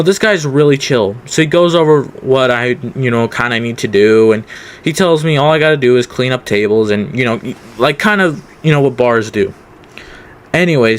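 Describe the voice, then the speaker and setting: Young man, mid-pitched and smooth, casual storytime vlogger, rambling with fillers. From California. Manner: rambling, many fillers and restarts.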